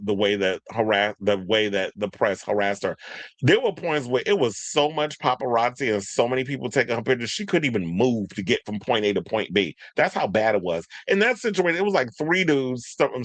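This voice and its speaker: A man hosting a casual commentary show, talking in an animated way and mocking others through quick impressions. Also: lowish voice, no room sound. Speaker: podcast host.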